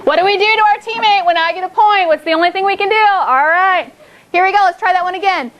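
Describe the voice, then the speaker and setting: High-voiced woman teaching young kids. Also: fairly bright tone. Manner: slow, drawn-out words for children, upbeat praise. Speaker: second grade teacher. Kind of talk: classroom phonics lesson. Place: classroom.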